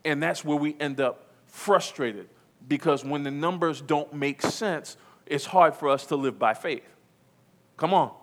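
A man's voice: fairly high pitch, unhurried. Man preaching a fiery sermon. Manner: emphatic preaching, repeats key phrases, calls to the congregation. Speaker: pastor. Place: church.

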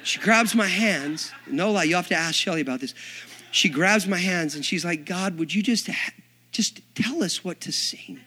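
A man preaching, a minister telling a story with acted-out dialogue and big swings from hushed asides to shouting. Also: high-pitched, moderate pace, breathy edge. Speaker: Assembly of God minister. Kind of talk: storytelling sermon.

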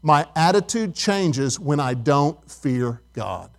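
Pastor, middle-aged man with a high voice, conversational preaching that questions the congregation. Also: expressive, slow pace. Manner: conversational, asks the congregation questions, tells stories. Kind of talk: sermon.

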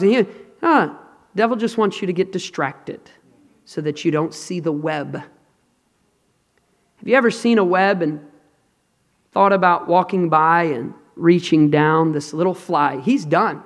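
Male preacher, high voice, dramatic hushed-to-loud delivery, long hall reverb. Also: a little slow, long pauses. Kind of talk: sermon. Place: large hall with an audience.

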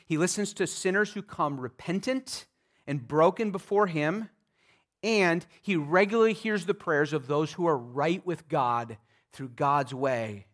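A pastor preaching a sermon in an emphatic, conversational way, with frequent restarts and vivid asides. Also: male voice, a little high, unhurried, fairly bright tone.

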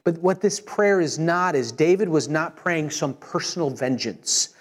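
A man preaching a sermon in an earnest, measured way. His voice sits a little high for a man, and he drops softer and slower whenever he speaks a prayer aloud. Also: animated. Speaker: pastor.

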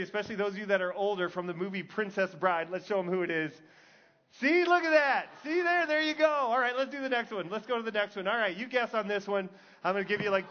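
A man's voice: sits high, dull audio. A male pastor giving a conversational sermon to a congregation, driving his points home by repeating key lines. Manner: conversational preaching with emphatic repetition.

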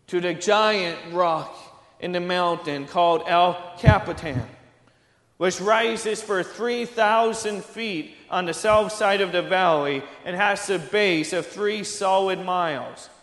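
A man preaching a sermon, slow and earnest, building to emphatic high peaks. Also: a bit bright, roomy sound, long reverb tail.

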